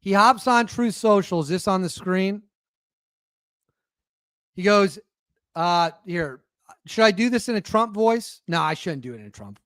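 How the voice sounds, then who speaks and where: A man's voice: high-pitched, animated, measured pace, pauses often, fairly bright tone, no echo, clean studio sound. A man hosting his own show, giving rambling, sarcastic casual commentary and often stopping himself mid-sentence. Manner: rambling, self-interrupting, sarcastic. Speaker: podcast host.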